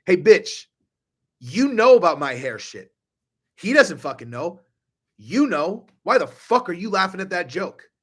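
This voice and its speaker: A man mimicking an angry wife scolding her husband, sharp and profane. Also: high voice, very animated, a little slow, husky, full character voice.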